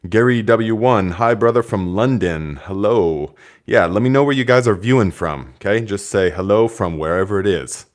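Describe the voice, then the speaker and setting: A man hosting a live gardening stream, reading out viewer comments in a relaxed, chatty way with many fillers and restarts. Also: lowish voice, normal speed. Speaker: gardening channel host.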